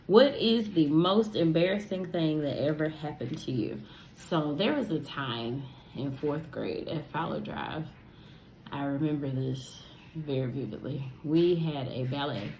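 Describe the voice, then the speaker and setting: A young adult woman hosts a casual solo podcast, chatting expressively, speaking directly to her listeners and laughing easily. Her voice is low-pitched and darkish, and the audio is poor, with a little hiss or hum.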